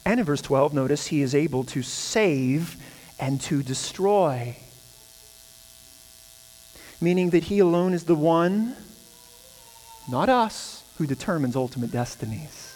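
A man's voice: a little high, expressive, a little slow, pauses often, a little mellow. A man preaching a sermon as pastor, building to emphatic, repeated phrases. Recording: hall reverb with mains hum.

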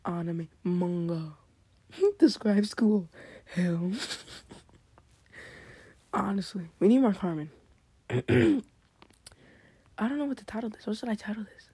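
A woman's voice: medium pitch, measured pace, long pauses, mellow, breathy edge, no room sound. A teenage girl vlogging alone late at night, rambling from topic to topic with giggles, gushing exclamations and frequent whispered asides. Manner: scattered, drifts into whispered asides.

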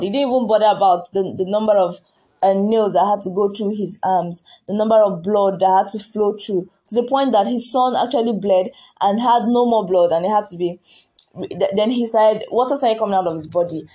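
A woman delivers a sermon in a warm, mellow, slightly husky voice. She speaks earnestly, circling back on her words and putting rhetorical questions to her listeners. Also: medium pitch, moderate pace. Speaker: preacher.

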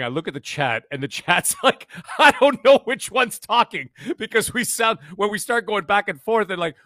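Canadian man in his fifties, quick energetic guest, slightly high voice, dry close sound. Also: no room sound. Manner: fast, energetic storytelling with frequent restarts. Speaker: podcaster guest. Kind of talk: casual interview chat.

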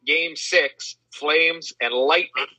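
A man in casual chat, telling lively, self-deprecating stories with a husky voice. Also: on the high side, slow, no room sound, poor audio. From Western Canada. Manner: animated, self-deprecating storyteller.

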